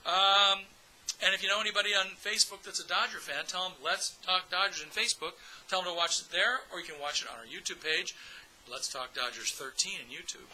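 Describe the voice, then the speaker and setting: A man's voice: sits high, a little fast, bright, forceful tone, a little hiss or hum, rough recording. A man hosting a casual fan podcast, chatty and upbeat, speaking straight to his audience. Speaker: podcast host.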